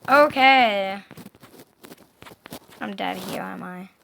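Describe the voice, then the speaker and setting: A woman giving casual gaming commentary, excitable, yelping and groaning at the game and talking to herself. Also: medium pitch, drawn-out words, gravelly, slight background noise. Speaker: gameplay commentator.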